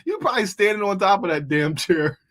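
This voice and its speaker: A man's voice: high voice, lively intonation, moderate pace, a bit bright. A man hosting a live comedy show, asking questions playfully. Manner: playful teasing. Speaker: host. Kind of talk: casual interview questions.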